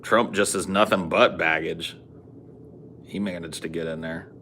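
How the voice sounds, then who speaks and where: A man's voice: deep voice, fairly even intonation, unhurried, pushed and bright, a little hiss or hum. A man hosting a casual streamed podcast chat, talking bluntly and swearing a lot. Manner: profane, blunt, opinionated. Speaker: podcast host.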